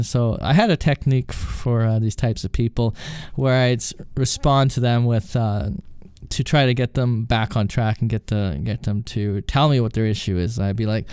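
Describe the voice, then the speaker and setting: Canadian male podcast host, mid-pitched, smooth and dry, lively storyteller who acts out calls. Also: normal speed, dry recording. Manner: animated, acting out quoted phone calls. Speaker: podcast host and former call-centre agent. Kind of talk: casual storytelling.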